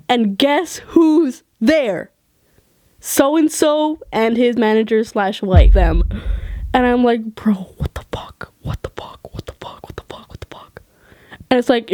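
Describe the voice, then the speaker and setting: A young woman vlogger telling a story in casual, animated talk, swearing, laughing and acting out what others said. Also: a little high, no echo.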